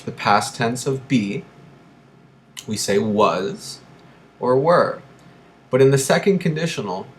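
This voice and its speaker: Slow, deliberate male English teacher. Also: on the low side. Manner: slow, deliberate, repeats key phrases for learners. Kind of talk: grammar lesson.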